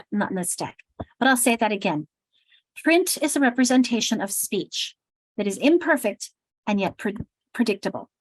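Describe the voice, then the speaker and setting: A woman's voice: on the high side, no room sound, rough recording. An American woman leading a teacher workshop, enunciating every word very carefully and demonstrating sounds aloud. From United States. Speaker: teacher trainer. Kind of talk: workshop presentation.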